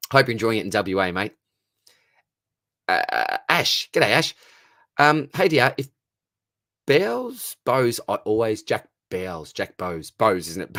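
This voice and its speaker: A chatty Australian man hosting a live Q&A stream, answering viewers and calling everyone mate. His voice sits fairly low, recorded close and dry with no room sound. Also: fairly bright tone, no echo. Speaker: fantasy football livestream host. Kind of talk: casual live Q&A reading viewer comments.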